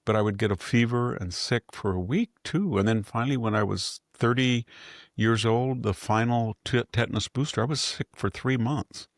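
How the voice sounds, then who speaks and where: Older man, gravelly low voice, dry close sound, rambling opinionated talk show commentary. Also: normal speed, dry recording. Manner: rambling, opinionated, frequent restarts. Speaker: podcast host. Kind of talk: casual political commentary.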